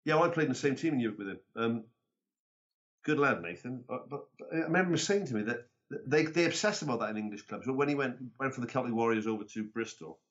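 A man's voice: mid-range voice, lively intonation, fast talker, lo-fi sound. A man with a South Welsh accent, a former rugby player and guest, joking in crude, rambling banter. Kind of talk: casual chat.

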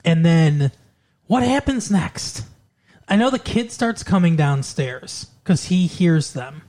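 A man's voice: a little high, expressive, slow, a little mellow. A man co-hosting a casual chat, rambling through a movie plot and loosely acting out the characters' lines. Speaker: podcast co-host.

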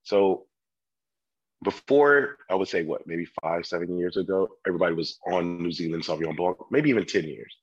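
A man from California, a sommelier guest, chatting casually and telling animated stories, acting out customers' voices. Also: low-pitched, normal speed, husky, lo-fi sound. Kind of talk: casual chat.

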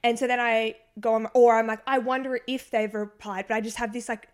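A woman's voice: on the high side, flat delivery, a little fast. A young woman co-hosting a podcast in casual, rambling chat with many fillers. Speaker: podcast co-host.

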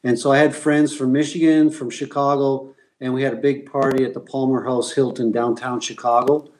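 A middle-aged man, a former pro hockey player, telling relaxed stories in an interview with many fillers and restarts. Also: mid-range voice, moderate pace, low-quality recording.

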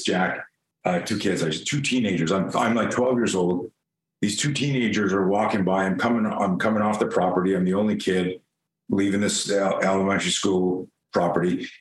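Man telling stories in an echoey room. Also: on the low side. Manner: lively, swears casually, acts out scenes. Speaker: podcast guest. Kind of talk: animated storytelling.

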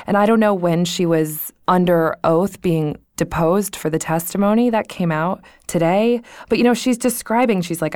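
A woman's voice: lowish voice, moderate pace, hardly any pauses, darkish tone, clean tone, dry recording, studio quality. A young adult woman co-hosting a podcast in casual chat, blunt and profane, retelling a story with plenty of laughter. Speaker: podcast co-host.

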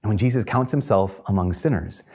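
A man's voice: on the low side, a little fast, a little mellow, breathy edge. A man preaching a sermon in an earnest, conversational way, chuckling now and then.

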